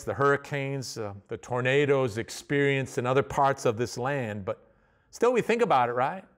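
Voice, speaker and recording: A man preaching a sermon in a conversational way, often restarting phrases and reading scripture slowly. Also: on the high side. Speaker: pastor.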